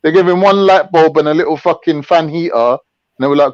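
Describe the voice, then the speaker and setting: A man's voice: fairly high pitch, brisk, no room sound. A man hosting a casual chat, ranting and mocking in crude slang. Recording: dull, dry lo-fi mic.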